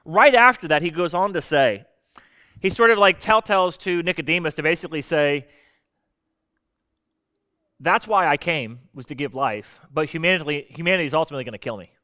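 Smooth-voiced conversational male preacher. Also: on the high side, brisk. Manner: conversational and lively, acting out quoted voices; explaining Bible verses with everyday examples. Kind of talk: sermon.

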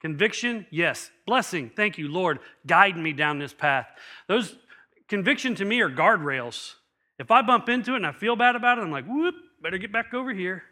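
A middle-aged man delivers a sermon as pastor, his voice bright and sitting slightly high for a man. He tells stories with animation and slips into other people's voices when he quotes them. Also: expressive, moderate pace.

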